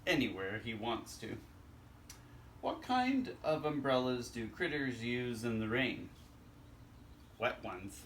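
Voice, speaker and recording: A man's voice: medium pitch, fairly bright tone, far from the mic, slight background noise. A man reading a children's joke book aloud, chuckling at his own jokes.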